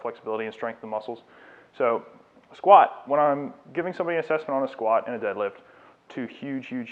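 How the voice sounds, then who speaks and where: Man coaching a fitness demo, tinny sound. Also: medium pitch. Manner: coaching instructions, encouraging and explanatory. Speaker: fitness trainer. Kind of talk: live demonstration lecture. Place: fitness studio.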